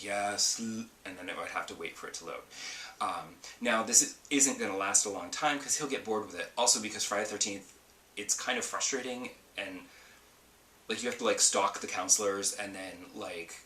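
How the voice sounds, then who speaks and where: A man's voice: deep voice, pushed and bright, reverberant, far from the mic, slight background noise. A man hosting a casual solo gaming podcast, chatty and rambling with lots of ums and asides. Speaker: podcast host.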